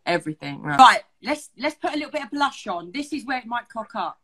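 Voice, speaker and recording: A teary-eyed, giggly woman hosts a makeup vlog in loose, joking banter. Her voice sits fairly high and swings widely in pitch. She talks in a chatty, easygoing way. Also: big pitch swings, quick pace, bright, forceful tone, husky. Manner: giggly, chatty, easily set laughing. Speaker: makeup vlogger. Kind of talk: casual banter while doing makeup.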